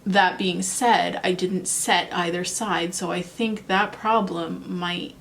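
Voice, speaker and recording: A woman's voice: lowish voice, fairly even intonation, slow, vocal fry, a bit bright, a little hiss or hum. A young woman chatting casually in a makeup review vlog, thinking aloud and second-guessing herself. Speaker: beauty vlogger.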